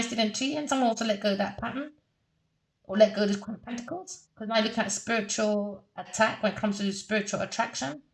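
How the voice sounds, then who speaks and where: A woman's voice: mid-range voice, rough recording. A British woman giving an unscripted tarot reading, talking in a blunt, raw, confessional way and swearing freely. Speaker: tarot reader.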